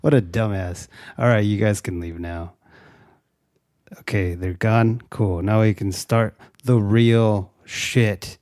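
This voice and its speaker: A young man from Mexico, a native Spanish speaker, co-hosting a casual movie review chat in a joking, profane, animated way. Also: lowish voice, slow, no echo, studio quality. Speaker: co-host.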